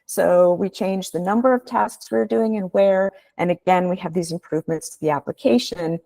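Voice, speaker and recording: Low-voiced woman presenting research. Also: moderate pace, creaky, dark tone, dry recording. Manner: explanatory, with hesitant restarts. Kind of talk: webinar presentation.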